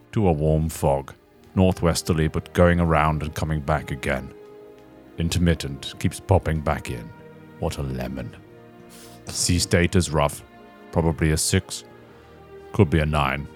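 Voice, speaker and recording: A man putting on a British voice as a mock shipping forecaster, reading slowly and solemnly. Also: very deep voice.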